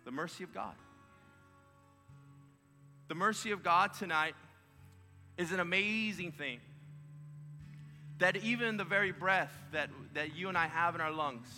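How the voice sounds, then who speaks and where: Guy pastor preaching, kinda high and punchy voice, long echo. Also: a little slow, long pauses, bright, forceful tone, soft background music. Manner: emphatic preaching with repeated phrases. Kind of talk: sermon. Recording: long hall reverb.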